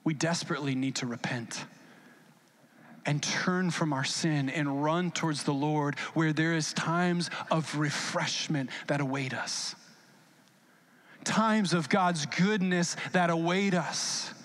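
A man with a fairly high voice delivers a sermon in a warm-hearted, conversational tone. He slips into lively character voices for the scripture he retells, with small stammered restarts along the way. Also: takes it slowly. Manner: earnest, acts out biblical quotes in lively voices. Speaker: pastor.

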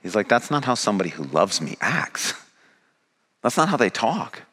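A man's voice: fairly low pitch, big pitch swings, moderate pace, pushed and bright, breathy edge. A man preaching a sermon, paraphrasing Jesus and building to a pressing, rising delivery. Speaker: pastor.

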